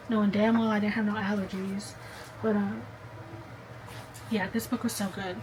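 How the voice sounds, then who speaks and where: A woman's voice: medium pitch, flat delivery, moderate pace, long pauses, background noise. A young woman vlogging casually to the camera, chatty and gushing, talking straight to the viewer. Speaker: book vlogger.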